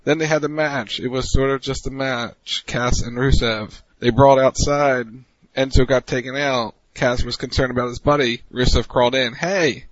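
A man's voice: medium pitch, steady tone, moderate pace, dry recording. A man co-hosting a casual wrestling talk show, recapping matches in an offhand, dry way. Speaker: podcast co-host. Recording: dull lo-fi web audio.

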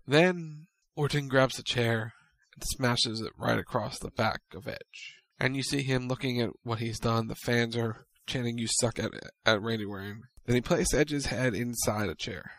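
Guy recapping a show, brisk storyteller, dry close mic, mid voice. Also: mid-range voice, fairly bright tone, dry recording. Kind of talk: casual recap of a wrestling show.

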